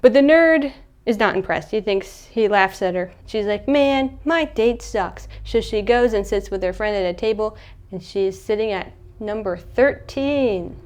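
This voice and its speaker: Young woman, movie recap, chatty and animated with a smooth, clear voice, mid-range pitch. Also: normal speed. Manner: chatty, animated, acts out characters' lines. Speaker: movie reviewer.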